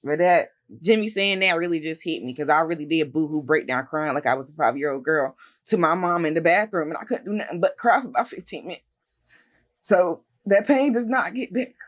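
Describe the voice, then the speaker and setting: A woman's voice: deep voice, fast talker. Woman, podcast co-host, casual chat, candid, open, talks at length.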